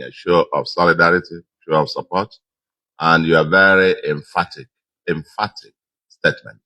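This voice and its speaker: A man's voice: a bass voice, bright, forceful tone. A man with a Nigerian accent giving a victory speech as a re-elected governor, emphatic and repeating his key phrases.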